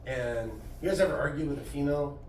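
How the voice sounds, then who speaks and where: A man's voice: fairly high pitch, quick pace, a loud crowd. Middle-aged male comic, crude and self-mocking, heard from a distance in an echoey, noisy club. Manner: crude, self-deprecating storytelling. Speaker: stand-up comedian. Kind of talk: stand-up comedy set. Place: comedy club stage with audience. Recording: roomy club sound from afar, noisy.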